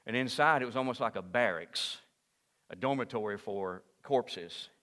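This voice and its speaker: A man preaching a sermon as pastor in a church, moving from hushed asides to loud, impassioned peaks. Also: fairly low pitch, normal speed, in a large hall. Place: church sanctuary.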